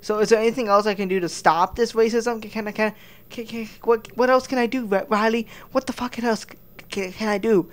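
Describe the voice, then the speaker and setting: Smooth-voiced man ranting crudely. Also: sits high, steady tone, a little fast. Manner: crude, heated, stammering restarts. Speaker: commentary vlogger. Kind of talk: ranting reaction commentary.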